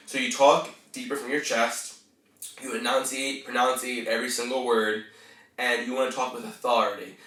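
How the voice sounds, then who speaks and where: A man's voice: medium pitch, brisk, a bit bright. A man hosting a podcast, talking casually in a coaching tone, swearing now and then and tending to mumble. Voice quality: tends to mumble. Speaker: podcast host. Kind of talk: casual self-help monologue. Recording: roomy, distant from the mic.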